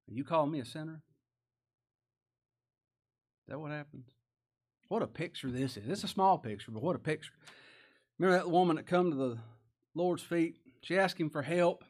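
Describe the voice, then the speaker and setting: A pastor preaches in a folksy, chuckling way. His fairly high voice swings from quiet asides to loud, emphatic bursts. He is a man who keeps the tone homespun and direct. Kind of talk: sermon.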